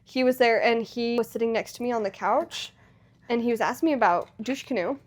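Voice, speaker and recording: Chatty young woman, slightly high voice. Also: a little fast. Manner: animated storytelling, lots of fillers. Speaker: podcast co-host. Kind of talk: casual chat.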